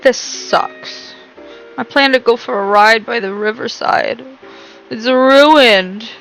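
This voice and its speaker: A woman's voice: fairly high pitch, takes it slowly, fairly bright tone, faint music behind, poor audio. A young woman streaming a romance game, reading narration and her own lines aloud and chatting between them.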